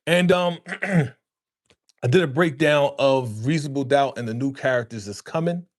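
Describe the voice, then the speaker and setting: A man chatting on a live stream in a loose, slangy way, addressing his viewers as fam and repeating phrases. His voice sits at an ordinary middle pitch for a man and is picked up close on a podcast microphone. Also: normal speed. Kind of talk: casual live-stream chat. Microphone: podcast dynamic microphone.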